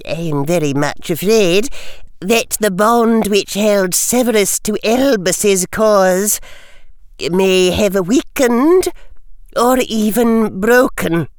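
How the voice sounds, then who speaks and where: A man voicing a stern, prim older female professor in an audiobook, speaking slowly and precisely. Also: sits high, clear, resonant tone, no room sound, clean studio sound, pitched above the performer's own voice. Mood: grave.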